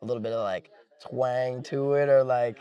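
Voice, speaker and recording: A man's voice: mid-range voice, normal speed, clean tone, recorded from a distance, highs cut off. A young man, chatting casually and filling his talk with "like" and laughs. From Cincinnati, Ohio. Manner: relaxed, laughing, lots of "like" fillers. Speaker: interviewee. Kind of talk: casual chat.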